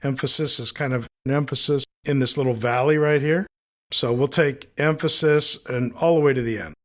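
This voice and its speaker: Relaxed man explaining software steps. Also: mid-range voice, normal speed. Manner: relaxed, explanatory, thinking aloud while demonstrating. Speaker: audio editing instructor. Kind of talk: screen-recorded software tutorial.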